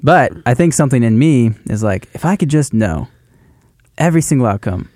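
A man's voice: medium pitch, expressive, warm tone, no echo. Podcast cohost guy, mid voice, stops and restarts a lot as he talks it out, dry mic. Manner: halting, thinking aloud with restarts. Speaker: podcast co-host. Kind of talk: casual faith podcast chat.

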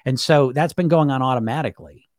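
A man's voice: mid-range voice, fast talker, darkish tone, no room sound, studio quality. A man coaching viewers on weight loss through self-hypnosis in a blunt, emphatic monologue, swearing casually and asking rhetorical questions.

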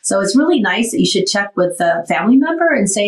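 A woman hosting a casual talk show shares her recovery story openly and with energy, though she's tired after surgery. Her mid-range voice swings widely in pitch and moves fast, captured from a distant mic with a roomy, off-mic sound.

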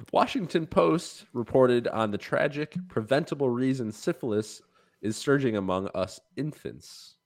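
A young man co-hosting a comedy podcast, reading made-up news stories in a deadpan mock newscaster delivery. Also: medium pitch, measured pace. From Midwest US.

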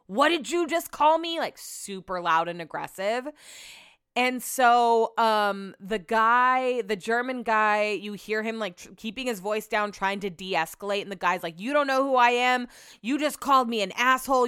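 A young woman chats through a travel story on her podcast in a loose, animated way, peppering her sentences with "like" and the odd swear word. Her voice is smooth and clean, recorded close in a dead, dry space. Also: medium pitch, no room sound. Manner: chatty, lots of "like", swears casually, animated retelling. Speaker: podcast host. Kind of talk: casual storytelling chat.

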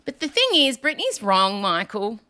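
A woman hosting a podcast, chatting casually about celebrity gossip, animated and quick to laugh. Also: noisy background. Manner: animated, laughing, jumps high in pitch when excited. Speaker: podcast host.

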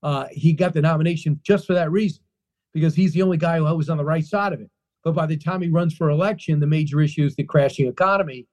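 Man, author being interviewed, emphatic storytelling, restarts and repeats phrases, mellow voice. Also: on the high side, fast talker. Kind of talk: animated storytelling interview answers.

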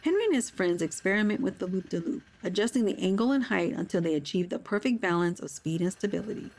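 A woman's voice: mid-range voice, lively intonation, fast talker, darkish tone. A woman host reading a scripted children's story and the show's closing notes.

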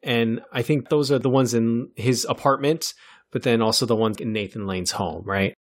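A man with an average-pitched voice sums up a film's plot for a podcast. He keeps it casual and keeps asking his co-hosts to agree. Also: moderate pace. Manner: summarizing, checks in with "right?". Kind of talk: casual film discussion.

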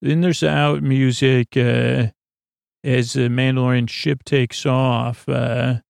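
A man rambling through a deadpan comedic recap of a TV episode, halting often with fillers and restarts. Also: mid-range voice, vocal fry, clean tone, no room sound, clean studio sound. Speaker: podcast host recapping an episode.

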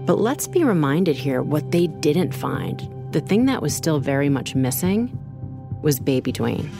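A woman co-hosting a true-crime show in scripted narration, measured and explanatory. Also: deep voice, big pitch swings, music in the background. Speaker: co-host.

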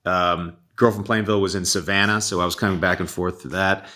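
A man talks casually on a podcast as a guest, his voice sitting fairly low. His tone is bright and forceful, and he laughs easily and makes joking asides about himself. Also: fairly even intonation, brisk. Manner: laughs often, self-deprecating asides.

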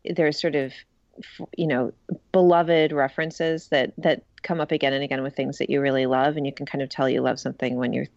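A woman author describing her picture book casually, with many ums and soft hedging words. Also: extremely low pitch, level tone, a little fast, dry recording, dull audio. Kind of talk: interview answers.

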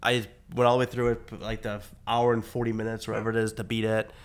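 Sick-voiced male co-host, lowish pitch, loose rambling delivery with casual swearing. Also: completely flat delivery, fast talker, clear, resonant tone. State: sick, rough voice. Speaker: podcast co-host. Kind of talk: casual chat.

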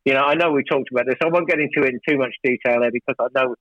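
A man's voice: mid-range voice, very fast, a bit bright, no echo, dull audio. A man working as a record producer, telling studio stories in a rambling, casual way and often restarting his sentences. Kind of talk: casual storytelling interview.

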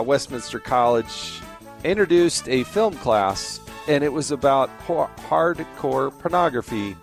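A man from the American West hosting a talk show, folksy and emphatic in a casual way. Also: mid-range voice. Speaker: host.

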